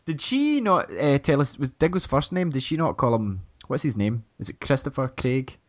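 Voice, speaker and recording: Male podcast host, mid-pitched, rambling and jokey, casual chat. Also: animated, normal speed. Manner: rambling, jokey, laughs at himself.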